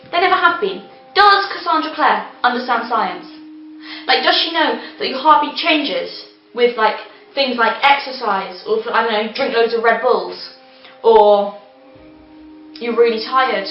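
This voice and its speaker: Woman, high voice, sarcastic, exasperated vlog rant; roomy, slightly dull sound. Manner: exasperated, sarcastic, laughing rants. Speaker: book reviewer. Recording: roomy echo, slightly dull, faint music.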